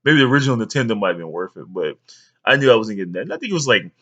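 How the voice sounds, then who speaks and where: A man's voice: fairly low pitch, sing-song, rapid-fire, a bit bright, lo-fi sound. A man in his thirties, a father rambling through a childhood story for his young sons, with many fillers. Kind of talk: storytelling home video.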